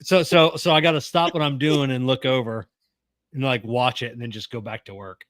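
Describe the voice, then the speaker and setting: A middle-aged man co-hosting a podcast, talking casually and gruffly with plenty of swearing, close to the mic. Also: mid-range voice, fairly even intonation, a little fast, fairly bright tone, no echo. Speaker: podcast co-host. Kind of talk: casual chat.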